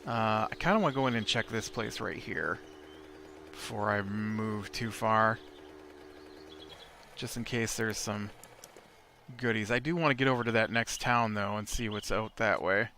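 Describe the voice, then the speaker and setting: A man's voice: fairly low pitch, fairly even intonation, a little slow, creaky, pauses often, bright, forceful tone, a little hiss or hum. A man hosting a let's play, telling a rambling story between remarks on the game. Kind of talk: casual gameplay commentary.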